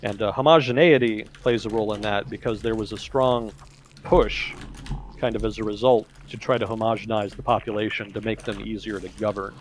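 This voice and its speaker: A man's voice: lowish voice, fairly even intonation, a little fast, a little hiss or hum. A man, hosting a podcast and explaining at length in a rambling way. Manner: rambling, explanatory, heavy on "kind of" and "you know". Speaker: podcast host. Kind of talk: casual talk-show discussion.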